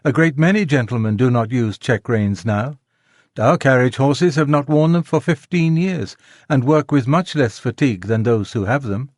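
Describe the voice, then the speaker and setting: Gentle, refined lady, polite and pleading, as read by a man; dry close studio sound. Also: medium pitch, normal speed, no echo, lightly acted. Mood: earnest. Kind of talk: audiobook character reading. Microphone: close studio mic, dry.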